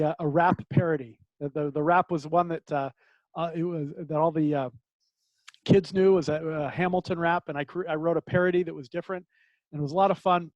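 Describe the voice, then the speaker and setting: A man's voice: fairly high pitch, a little mellow, no room sound, lo-fi sound. A middle-aged man telling a personal story to a support group over a video call, candid, earnest and self-deprecating.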